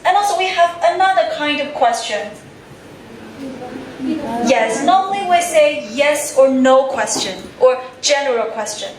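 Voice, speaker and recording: Heard from afar in an echoey classroom with noise in the background, a woman with a high voice leads an English lesson. She prompts slowly, enunciating each word clearly, and has her students say the words back to her.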